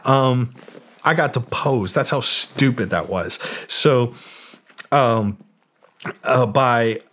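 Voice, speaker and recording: A man's voice: medium pitch, slow, fairly bright tone. A man in his forties from Canada, telling a long story in a casual interview, swearing a lot, full of fillers, and acting out the voices of the people in it. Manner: profane, rambling anecdotes full of fillers, acting out quoted voices. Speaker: guest, music producer and DJ.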